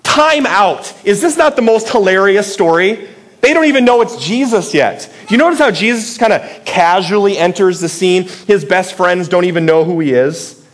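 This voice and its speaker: A man's voice: sits high, lively intonation, moderate pace. A man preaching a sermon in a playful, conversational way, asking the listeners many rhetorical questions. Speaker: pastor.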